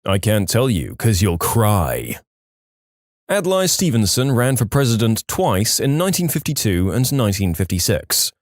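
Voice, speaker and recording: A man narrating online stories aloud in an animated storytelling delivery. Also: fairly low pitch, moderate pace, dry recording, clean studio sound.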